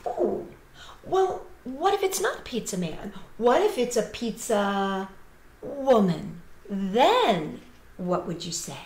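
A woman who entertains children, reading a picture book aloud in an animated, sing-song way with playful animal noises. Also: medium pitch, slow pace, reverberant, a little hiss or hum.

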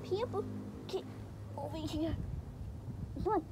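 Rambling high-voiced young woman vlogging. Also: takes it slowly, background noise. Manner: rambling, excitable, gets loud when the chickens crowd her. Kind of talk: casual vlog chat. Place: outdoors by a chicken coop. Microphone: phone camera held in hand. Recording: phone video outdoors with chickens clucking. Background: clucking chickens and birds.

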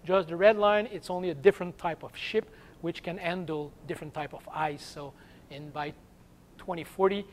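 A French-accented man, French his first language, delivers an academic seminar talk. His voice sits slightly high for a man, and he often pauses and restarts while searching for English words. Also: fairly even intonation. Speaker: guest seminar speaker.

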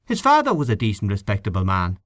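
A man's voice: on the low side, wildly swooping pitch, fast, fairly bright tone, dry recording, clean studio sound. A man voicing a grumbling, gossipy middle-aged canvasser in a storybook reading, scornful and snuffling, with a conspiratorial manner.

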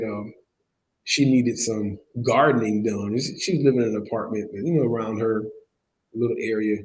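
A man's voice: mid-range voice, darkish tone, a little hiss or hum, poor audio. A man teaching a church Bible study, telling personal stories with feeling and laughing now and then. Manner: emotional, storytelling, laughs while preaching. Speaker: preacher.

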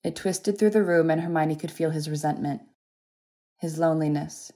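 Lady with a low voice reading an audiobook, steady and even. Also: moderate pace. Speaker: audiobook narrator. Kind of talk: audiobook narration.

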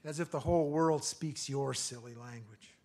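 A man voicing a haughty, scornful dead French queen, lowering his voice slightly for her lines in a poem. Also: normal speed, a little mellow, close to an everyday voice.

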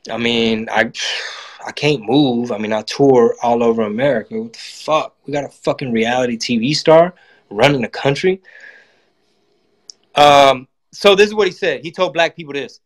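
A man's voice: mid-range voice, moderate pace. A man giving a casual, profane political monologue and acting out quotes in voices. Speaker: comedian and channel host.

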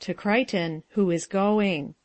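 A woman reading the stage directions of a play in a plain, unhurried way. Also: mid-range voice, darkish tone, no echo. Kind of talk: audio drama narration.

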